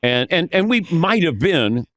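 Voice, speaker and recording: A man telling animated anecdotes as a podcast guest, acting out the voices of the people in his stories. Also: fairly high pitch, a little slow, no echo, studio quality. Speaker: podcast guest, veteran sportscaster. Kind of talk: casual storytelling.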